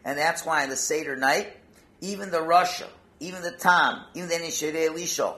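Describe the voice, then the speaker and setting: A rabbi's voice, on the high side and a little fast, carries a Hasidic story during his Torah talk. He scatters Yiddish and Hebrew words throughout, sometimes hushed and sometimes loud.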